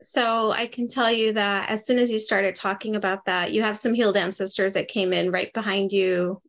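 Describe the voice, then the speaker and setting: A woman of ordinary pitch giving a medium reading in a live group call. She talks in a chatty, animated way and breaks into laughter as she passes on messages. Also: normal speed. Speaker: medium, interview guest.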